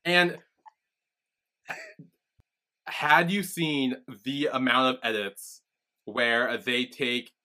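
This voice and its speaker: A man's voice: mid-range voice, very slow, pauses often, sharp tone. A man co-hosting a podcast in casual chat, recapping scenes and swearing casually. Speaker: podcast co-host.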